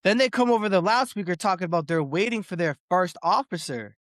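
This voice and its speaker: Man, podcast host, slightly high voice, excitable storytelling, dry close sound. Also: a little fast, no room sound. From Boston area. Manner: animated storytelling, swears freely, repeats words. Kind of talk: casual podcast chat.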